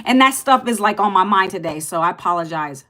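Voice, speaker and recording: Loud, passionate woman in her fifties. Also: medium pitch, expressive, fairly quick. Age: 50s. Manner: rambling, emphatic, repeats herself. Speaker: livestream host. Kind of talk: casual livestream talk.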